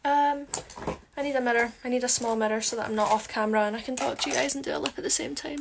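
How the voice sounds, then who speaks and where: Woman hosting a casual phone livestream, high voice, playful and teasing, reads out comments between makeup steps. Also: steady tone, quick pace, gravelly, slight background noise. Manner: chatty, teasing, jokes with viewers while doing her makeup. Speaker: livestream host answering viewer comments. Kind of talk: casual chat.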